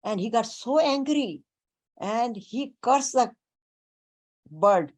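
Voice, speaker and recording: A woman giving a spiritual talk, speaking deliberately and weaving in Sanskrit and Hindi terms. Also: fairly high pitch, animated. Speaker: spiritual teacher.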